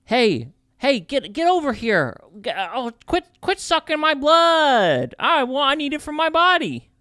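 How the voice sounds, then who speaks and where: A man's voice: extremely high pitch, big pitch swings, unhurried, pushed and bright, dry recording, studio quality, voice pushed up, heavily acted. A man doing a brash, whiny cartoon New York guy swatting away a vampire, in a New York accent.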